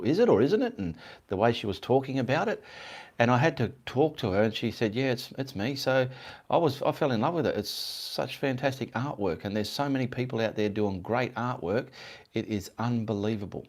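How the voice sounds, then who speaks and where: This Australian man from Perth, Western Australia, is a livestream host and artist running a casual stream, rambling and greeting viewers by name. His voice is medium in pitch, animated and a little mellow, and he talks a little fast.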